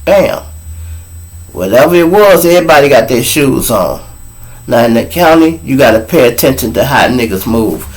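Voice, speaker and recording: Speaking at normal speed in a mid-range voice, this podcast host from Chicago tells a lengthy tale full of swearing and impersonations of the people in it. The audio is poor, but his delivery stays lively and casual.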